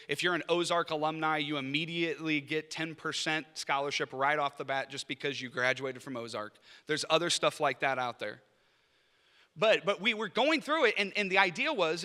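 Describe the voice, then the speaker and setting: A man's voice: a little high, bright, forceful tone. A man who leads a master's program, giving an informal, humorous talk at a lunch event and acting out the people he quotes. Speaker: professor leading a master's program. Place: indoor event room at a lunch. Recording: reverberant hall sound.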